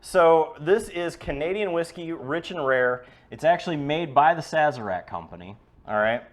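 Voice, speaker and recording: A man's voice: fairly high pitch, animated, moderate pace. A man hosting a loose, joking whiskey-tasting podcast, often restarting his sentences. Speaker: podcast host. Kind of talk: casual chat.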